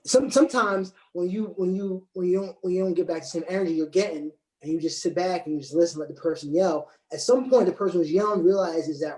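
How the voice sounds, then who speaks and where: Man in casual talk, calm and deliberate, pitched a bit high; roomy echo. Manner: calm, deliberate, repeats words as he works out his point. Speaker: panel guest. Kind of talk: casual discussion. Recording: echoey room.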